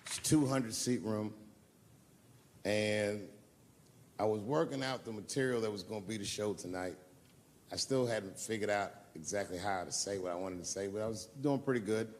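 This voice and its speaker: A man's voice: fairly low pitch, moderate pace, slight background noise. A man doing a stand-up comedy set on stage before a live audience, telling profane, loose stories and bantering with the crowd.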